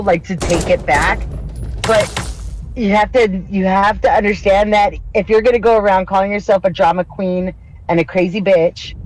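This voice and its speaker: A woman's voice: mid-range voice, a little hiss or hum, rough recording. A young woman chatting casually on a podcast, ranting with profanity and mimicking others in mocking voices. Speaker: podcast co-host. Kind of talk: casual chat.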